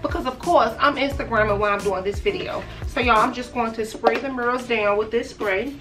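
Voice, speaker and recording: A chatty, excitable woman talks straight to her viewers in a casual home vlog. Her voice sits a little high. She sounds a bit far from the phone mic, and music plays clearly behind her. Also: a little fast. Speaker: vlogger. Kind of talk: casual chat. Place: in the car and at home.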